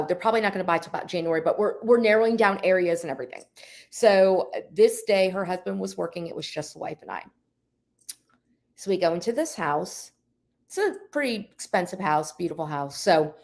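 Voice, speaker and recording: Animated woman realtor telling a story. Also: medium pitch. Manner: animated, addresses listeners as "people". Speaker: podcast co-host. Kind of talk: casual storytelling chat.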